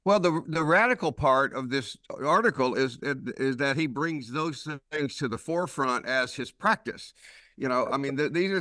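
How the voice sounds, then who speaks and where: A Southern man talks through a podcast chat in a bright, forward voice, tripping over his words and restarting as the ideas come. The sound is dry and close, with no room around him. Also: mid-range voice, dry recording. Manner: animated storyteller, many restarts and repeated words. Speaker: podcast host. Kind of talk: casual podcast conversation.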